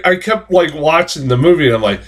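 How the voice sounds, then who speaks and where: Profane ranting man, lively high voice. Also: fast. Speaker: movie reviewer. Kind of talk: casual spoken film review.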